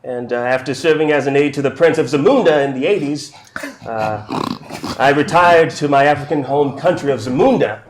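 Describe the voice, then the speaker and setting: A man's voice: mid-range voice, normal speed, reverberant, slight background noise, poor audio. A man playfully introducing his character in a tabletop role-playing game. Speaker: player.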